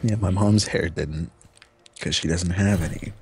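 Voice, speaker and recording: A man chatting casually while playing a game with a friend, teasing with deadpan dark humor. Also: deep voice, measured pace, crowd noise. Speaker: co-player. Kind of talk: casual gaming chat.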